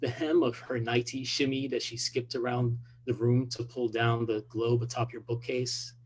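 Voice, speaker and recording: A man, an author, reading his own fiction aloud in a measured, even delivery. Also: mid-range voice, slight background noise, poor audio.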